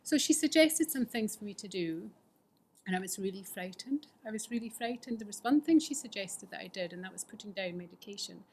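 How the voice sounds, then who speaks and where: Husky woman sharing her story. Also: mid-range voice, animated, brisk. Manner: candid, self-mocking, often dropping into a whisper. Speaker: recovery fellowship member sharing her story. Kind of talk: personal testimony talk.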